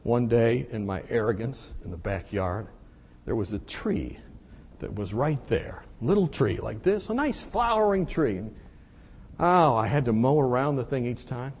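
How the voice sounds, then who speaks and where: A man preaching a sermon, telling a personal story in a confessional way that moves between hushed and emphatic. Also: mid-range voice, expressive, unhurried, breathy edge, highs cut off.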